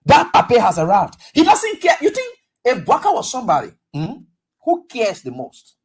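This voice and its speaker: Liberian talk radio host ranting politics, husky voice, swoops all over, acts out little dialogues. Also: mid-range voice, moderate pace. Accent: Liberian English. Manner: animated, acts out dialogue, asks rhetorical questions. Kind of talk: political commentary monologue.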